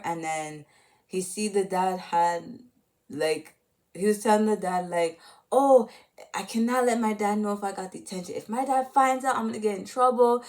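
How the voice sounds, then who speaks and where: A woman's voice: fairly low pitch, warm tone. A woman retelling a movie in a casual, rambling way, full of fillers and restarts. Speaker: channel host.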